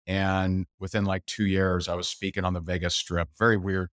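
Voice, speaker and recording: Low-voiced man telling candid stories. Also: moderate pace, no room sound, studio quality. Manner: animated storyteller who acts out other people's voices. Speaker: podcast guest. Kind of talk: candid interview storytelling.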